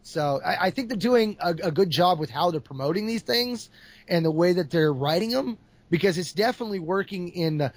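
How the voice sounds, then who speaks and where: A high-voiced man speaking briskly retells a comic book plot in casual chat. He's an animated storyteller, laughing often and slipping into put-on voices.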